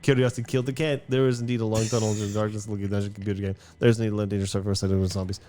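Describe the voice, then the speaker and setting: A man's voice: lowish voice, flat delivery, very fast, noisy background. A man casually reading a visual novel aloud and chatting during a let's play. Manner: reads narration and chats with laughs.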